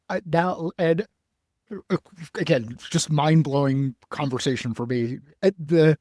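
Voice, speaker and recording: A man's voice: mid-range voice, a little mellow, dry recording, studio quality. A man hosting a podcast who asks long, rambling questions with enthusiasm. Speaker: podcast host. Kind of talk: casual podcast interview.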